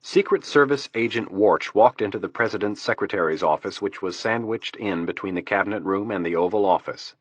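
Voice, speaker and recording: A man narrating an audiobook in a steady, measured way. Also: on the low side, husky, no room sound. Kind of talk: scripted narration. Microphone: close studio mic.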